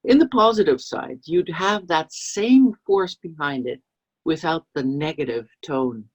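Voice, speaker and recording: A woman who is a business coach and trainer, explaining a concept to camera and acting out short example voices in a lively way. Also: deep voice, measured pace, slightly rough, muffled recording. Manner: acts out example voices with a lively, expressive delivery.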